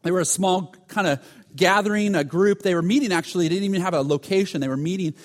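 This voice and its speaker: A male pastor with a somewhat high voice, preaching to his congregation. He tells the story with restarts, then drops to a near hush at the tense moments. His voice rings with long reverb from a large hall. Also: fast. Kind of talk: sermon.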